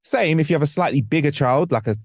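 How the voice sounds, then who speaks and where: A man's voice: a little high, fast, no room sound, studio quality. A man co-hosting a podcast in casual, slangy chat, acting out what people say. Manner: animated, slangy, acts out quotes. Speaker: podcast co-host.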